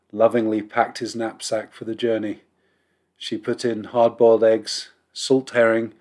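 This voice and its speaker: A rabbi reading a holiday children's story aloud in a measured, expressive storybook narration. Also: male voice, on the low side.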